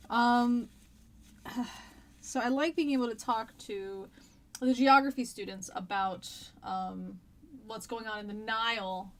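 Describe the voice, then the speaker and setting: A woman's voice: on the high side, fairly even intonation, slow pace. An American woman teaching a history lesson on a live stream, chatty and rambling with frequent ums, and a stuffy nose with a cough.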